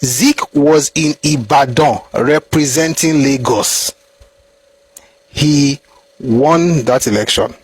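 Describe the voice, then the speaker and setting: A man with a Nigerian accent giving animated, opinionated commentary on history, full of rhetorical questions and bits of pidgin. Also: a little high, slow pace, husky, no echo.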